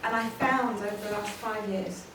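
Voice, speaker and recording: A woman's voice: medium pitch, moderate pace. A woman giving an emphatic motivational talk on stage, repeating her points and laughing often. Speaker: motivational speaker. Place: large conference hall, on stage. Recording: echoey hall from far off, noisy.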